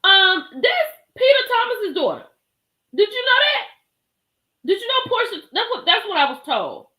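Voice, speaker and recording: A woman hosting a casual live stream, talking straight to her chat in an animated way and often laughing and exclaiming. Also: very high-pitched, moderate pace. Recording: echoey room.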